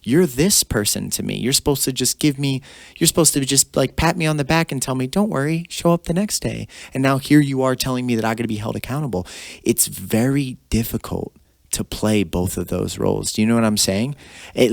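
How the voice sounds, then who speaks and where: A man's voice: mid-range voice, fairly quick, creaky, no echo, clean studio sound. A man hosting a podcast interview, earnest and reflective as he draws out his guest. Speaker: podcast host. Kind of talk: conversational interview.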